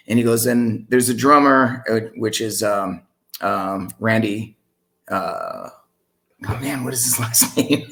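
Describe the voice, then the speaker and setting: Low-voiced man telling a lively story. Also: unhurried, gravelly. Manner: animated, acts out the voices in the story he tells. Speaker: singer and sound engineer. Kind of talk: casual storytelling in a podcast interview.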